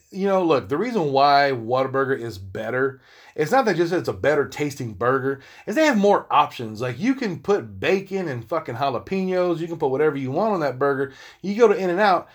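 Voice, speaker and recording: A man talking casually to his viewers in a rambling, profane, laid-back monologue. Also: mid-range voice. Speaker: vlogger.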